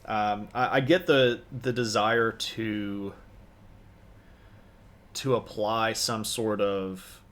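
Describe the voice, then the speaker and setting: A man's voice: fairly low pitch, fairly bright tone. A man chatting casually on a history livestream, rambling with many fillers and restarts. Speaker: history streamer.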